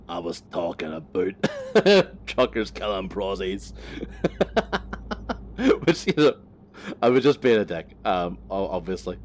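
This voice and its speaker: A man's voice: low voice, slight background noise. A man vlogging as he drives, chatting in a loose, rambling way, swearing freely and poking fun at himself. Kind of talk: casual rambling chat. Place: driving a vehicle on the road.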